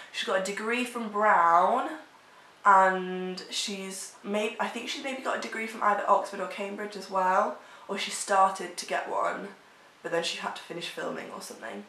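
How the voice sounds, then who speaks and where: A woman's voice: medium pitch, pushed and bright. Woman, young adult, vlogger, chatty and rambly, casual chat, roomy echo. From England. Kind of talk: casual chat answering tag questions.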